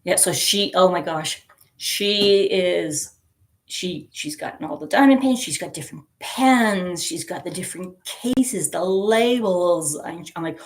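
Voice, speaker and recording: A woman's voice: fairly low pitch, animated, measured pace. A middle-aged woman hosting a casual livestream, chatting and giggling as she reads viewer comments aloud. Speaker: livestream host. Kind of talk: casual chat with live viewers.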